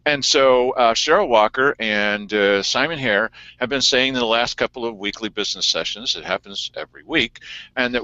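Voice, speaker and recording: A man hosting a casual local news chat show, talking in an animated, sarcastic way. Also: medium pitch, normal speed, no room sound. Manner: animated and sarcastic, mocking in quoted voices. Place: small editing studio. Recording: dry, dull lo-fi studio sound.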